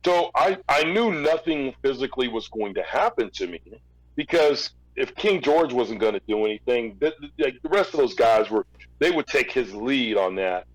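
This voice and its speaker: Speaking with lively intonation in a mid-range voice at a moderate pace, a middle-aged man who once ran a record label recounts events on a podcast, acting out every line of the conversations he describes. He frequently repeats words and starts his sentences over. It's a casual interview captured in a low-quality recording with no room sound.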